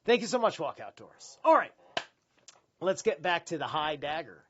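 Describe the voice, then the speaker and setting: A man's voice: on the high side, big pitch swings, normal speed, lo-fi sound, noisy background. A man hosting a live stream, reading a philosophy text aloud and rambling candidly between passages, swearing and restarting often. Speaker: livestream host reading philosophy.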